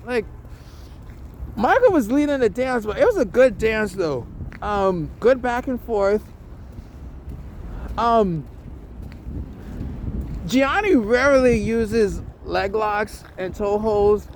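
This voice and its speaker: A man's voice: extremely high pitch, expressive, takes it slowly, long pauses. A man talks through a fight recap in a loose, offhand way, swearing freely and stumbling over his words. His speech is full of slang, "um"s and restarted sentences. A little faint noise sits under his voice. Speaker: vlogger reviewing a jiu-jitsu tournament. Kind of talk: casual rambling commentary.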